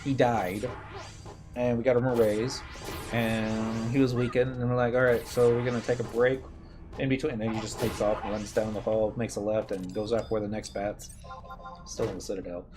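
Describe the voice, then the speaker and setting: A man's voice: fairly low pitch, level tone, moderate pace. A man in his thirties giving casual gameplay commentary, rambling and reminiscing with self-mocking asides. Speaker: game streamer. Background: game music.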